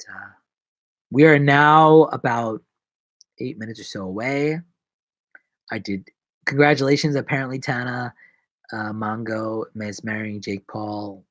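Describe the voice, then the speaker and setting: Jokey, rambling man on a live stream. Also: no room sound. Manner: jokey and rambling, swinging between loud bursts and low mumbles. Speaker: actor and vlogger.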